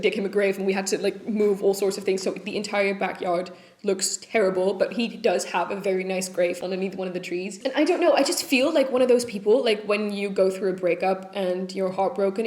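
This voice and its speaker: A woman's voice: medium pitch, echoey room. A young woman talking casually to her camera at home, rambling and candid, swearing often as she talks through a sad week. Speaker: vlogger. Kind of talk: casual vlog chat. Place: home room.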